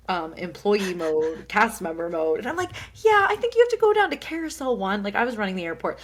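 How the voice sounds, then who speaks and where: A young woman tells a long story on a podcast in a relaxed, casual way. She is animated and often laughs. She slips into the voices of the people she quotes. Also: medium pitch. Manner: animated, laughing, quoting others. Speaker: podcast co-host.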